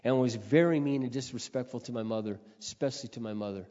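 A man giving an earnest testimony sermon, telling his story and then urging his listeners loudly. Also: medium pitch, fast talker. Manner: earnest storytelling that rises to loud exhortation. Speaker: preacher. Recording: long hall reverb, dull lo-fi sound.

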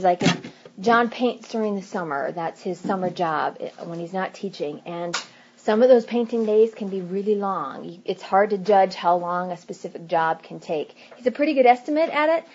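A woman in her thirties giving earnest, faith-based advice in casual talk, acting out little quoted asides in a hushed voice. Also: mid-range voice, slightly rough, dull audio.

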